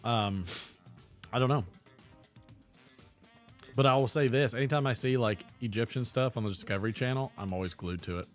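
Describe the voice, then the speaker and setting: A man's voice: medium pitch, moderate pace, long pauses, faint music behind. A man co-hosting a live stream, chatting casually and joking as he reads the comments. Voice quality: lively, joking, with sudden put-on voices. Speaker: podcast co-host.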